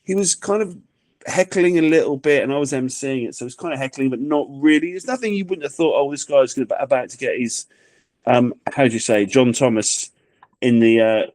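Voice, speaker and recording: Fast-talking man telling stories. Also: medium pitch, dry recording. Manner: animated anecdote-telling with acted-out quotes. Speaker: comedian guest. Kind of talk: casual chat, storytelling.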